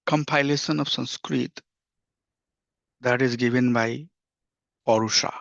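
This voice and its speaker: A man's voice: medium pitch, vocal fry, fairly bright tone, no room sound, dull audio. A man teaching a scripture class, explaining step by step and checking in with "right?" and "you know".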